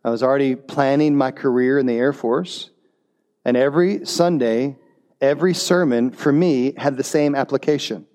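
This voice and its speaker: A middle-aged man preaching a sermon, telling the story with lively animation and briefly voicing the characters' lines. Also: mid-range voice, normal speed. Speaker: pastor.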